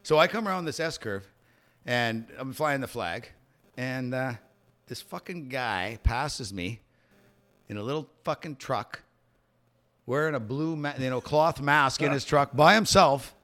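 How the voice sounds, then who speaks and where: A man's voice: medium pitch, measured pace. A Canadian man co-hosting a podcast, telling a rambling, profane story in casual chat. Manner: profane, storytelling, gets loud and excited. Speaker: podcast co-host.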